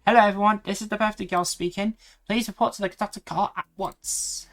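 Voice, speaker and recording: A man voicing a young female hedgehog in a game, lovestruck and fierce, shrill and demanding. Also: steady tone, a little fast, a bit bright. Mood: cheery.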